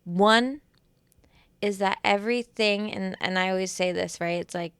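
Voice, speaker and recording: A woman's voice: medium pitch, unhurried, fairly bright tone, clear, resonant tone, no room sound. A woman co-hosting a casual podcast chat, speaking emphatically and repeating her points, swearing freely and sounding tired. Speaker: podcast co-host and healing-session facilitator.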